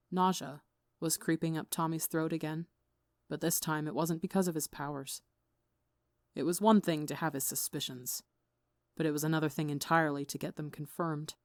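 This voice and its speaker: A woman narrating a fan fiction story in an even, measured way. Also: sits low, no room sound, studio quality. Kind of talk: audiobook reading of fan fiction.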